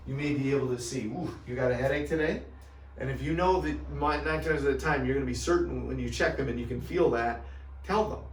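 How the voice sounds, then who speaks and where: A man's voice: mid-range voice, quick pace, roomy sound, distant mic, a little hiss or hum. A man coaching health practitioners on what to say to patients. He talks emphatically and keeps checking in with "right?" and "okay?". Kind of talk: coaching talk.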